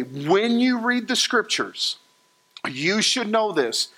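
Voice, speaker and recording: A middle-aged man preaching a sermon as pastor, humorous and animated, acting out quotes as he tells stories. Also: sits high, normal speed.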